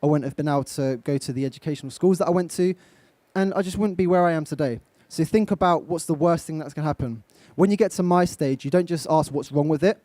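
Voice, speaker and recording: A man's voice: a little high, fast talker, few pauses, warm tone, dry recording. A young man from England giving a live motivational talk, direct and coaching, putting questions to his audience. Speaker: motivational speaker. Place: event stage.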